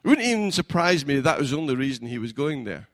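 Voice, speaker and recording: Animated, lively preaching man. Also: medium pitch, fast, no room sound. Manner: animated preaching, builds to shouting. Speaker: pastor. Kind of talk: sermon. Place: church.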